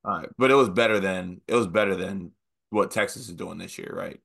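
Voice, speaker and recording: Bright-voiced young man riffing on basketball. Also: low-pitched, brisk, gravelly, slightly rough. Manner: animated, joking, mocks with put-on quotes. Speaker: podcast co-host. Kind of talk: casual sports podcast chat.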